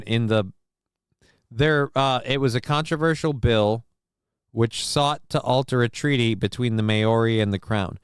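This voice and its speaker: Rambling, sardonic low-voiced male host. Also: clear, resonant tone, dry recording, studio quality. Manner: rambling and sardonic, many fillers. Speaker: talk show host. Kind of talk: casual live-stream commentary.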